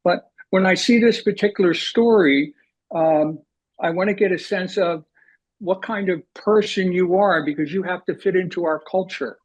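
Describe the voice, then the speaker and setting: A man's voice: high voice, normal speed, low-quality recording. A man hosting a webinar discussion, speaking hesitantly with many fillers. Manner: hesitant, with fillers, thanking and apologizing. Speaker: webinar host.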